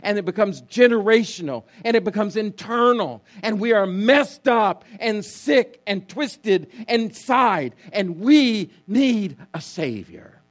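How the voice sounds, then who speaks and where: Man, pastor, sermon, high voice, emphatic, faint hum. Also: lively intonation, takes it slowly, few pauses. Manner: emphatic preaching, repeats key words, asks congregation to respond.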